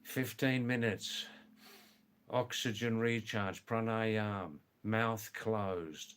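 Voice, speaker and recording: A man's voice: fairly low pitch, steady tone, slow pace, a bit bright, clean tone. An older man hosting a casual livestream, chatting with viewers by name, teasing and repeating words for emphasis. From England and Australia. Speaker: livestream host. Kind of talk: casual live chat reading viewer messages.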